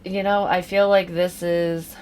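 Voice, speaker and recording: Woman tarot reader, lowish voice, blunt and profane, rambling casual delivery, faint noise behind. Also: little pitch movement, measured pace, darkish tone. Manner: blunt, swears freely, drifts into rants. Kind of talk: casual tarot reading to camera.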